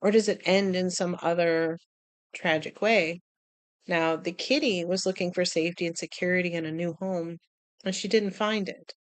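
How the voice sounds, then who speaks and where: A woman vlogger chatting casually about writing, animated, laughing often and acting out little quotes. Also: fairly low pitch, normal speed, clean tone, no room sound. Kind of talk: casual chat.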